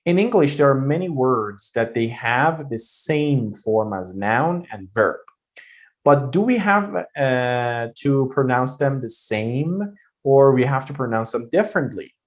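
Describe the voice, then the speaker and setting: A man's voice: medium pitch, expressive, unhurried. A man teaching a pronunciation lesson, explaining step by step with patient repetition and occasional fillers. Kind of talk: recorded lesson.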